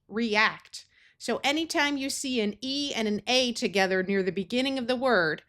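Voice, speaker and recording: A woman's voice: medium pitch, a bit bright. An American woman teaching a phonics lesson, sounding out words carefully in parts. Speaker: reading tutor.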